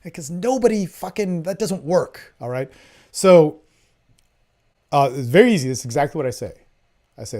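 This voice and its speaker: A man's voice: medium pitch, fast, darkish tone. Blunt, swearing man coaching casually. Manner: blunt, profane, emphatic. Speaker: men's dating coach. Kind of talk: casual unscripted monologue.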